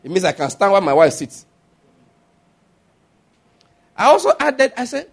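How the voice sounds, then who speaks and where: Animated high-voiced pastor. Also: male voice, fast, creaky, breathy edge. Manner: animated, laughing, mimics others in high voices. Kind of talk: sermon.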